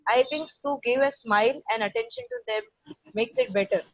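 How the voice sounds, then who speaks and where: High-voiced woman answering politely. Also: sing-song, brisk, creaky, poor audio. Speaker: seminar participant. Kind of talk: answering the speaker.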